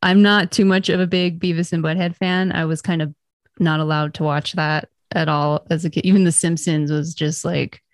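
A woman in a casual podcast chat, relaxed and chatty, swearing casually. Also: low-pitched, normal speed, dry recording. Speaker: podcast co-host or guest.

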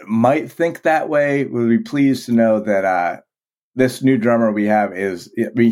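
A Vermont man who sings in a band speaks as a guest on a casual podcast interview. His voice is fairly low and slightly mellow, and he swears freely, often repeating words as he restarts sentences.

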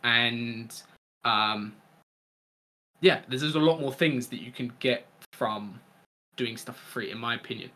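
A young man on a casual podcast, giving relaxed advice as a coach and often checking in with "right?". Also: medium pitch, measured pace, pauses often. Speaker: Fortnite coach.

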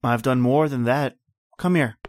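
An actor playing a tired, secretive young inventor who is terse and defensive, in a radio drama. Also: male voice, medium pitch, measured pace, a little hiss or hum, natural voice.

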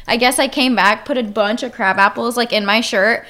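A woman's voice: on the high side, pushed and bright. Chatty woman guest in a studio. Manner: chatty, filler-heavy, quick to laugh. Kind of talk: casual storytelling chat.

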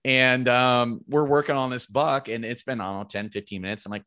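A man's voice: medium pitch, fairly even intonation, a little fast, bright, forceful tone, smooth, no room sound, studio quality. A man, likely in his thirties, casually telling a rambling, profane hunting story and raising his voice to quote his friends.

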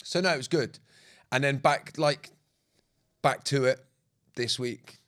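A British man co-hosts a podcast, chatting casually and telling stories with lots of animation. When he retells events, he slips into other people's voices. His pitch is medium and his pace unhurried.

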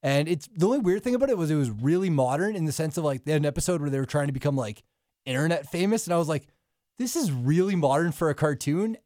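A man's voice: on the high side, lively intonation, fast, dark tone, dry recording. A man chatting on a podcast from a small studio booth, easygoing and joking. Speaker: podcast co-host. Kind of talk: casual chat.

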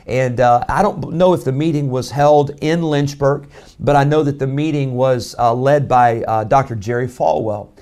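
A man, preaching a sermon as pastor, rising loud on key lines and dropping to a low hush for emphasis. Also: moderate pace. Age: 40s.

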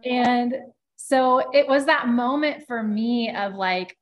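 A woman's voice: fairly high pitch, slow pace. Chatty woman telling a work story. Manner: lively anecdotal telling, frequent "like" fillers. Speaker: podcast co-host. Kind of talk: casual storytelling chat.

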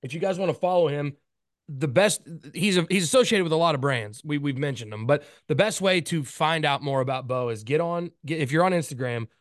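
A man's voice: fairly high pitch, fairly quick, dry recording, clean studio sound. A man hosting a podcast in a casual, easygoing way, chatting with his guest. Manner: easygoing, plugs the guest's socials. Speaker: podcast host.

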